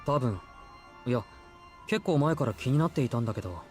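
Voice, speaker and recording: Man voicing a laconic young game hero, matter-of-fact, very quick, faint music behind. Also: mid-range voice, expressive, close to an everyday voice. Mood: earnest. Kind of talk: visual novel voice acting.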